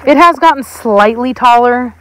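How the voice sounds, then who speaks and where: A woman's voice: a little high, moderate pace, slight background noise. A woman casually chatting outdoors while watching her dogs, playfully scolding them with firm commands. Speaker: dog breeder and channel host. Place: outdoors in a yard.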